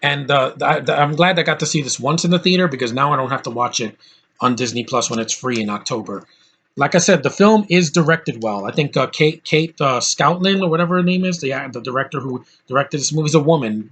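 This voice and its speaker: A man's voice: medium pitch, expressive, a little fast, fairly bright tone, breathy edge. A man giving a blunt, ranting movie review in casual speech, with lots of fillers and restarts. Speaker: film reviewer.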